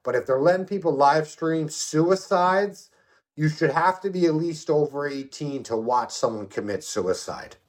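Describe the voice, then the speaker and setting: A man's voice: on the high side, animated, a little slow. A middle-aged man co-hosting a podcast, telling stories in a casual, profane, rambling way and often asking "you know what I mean". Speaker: podcast co-host. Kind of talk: casual opinionated chat and storytelling.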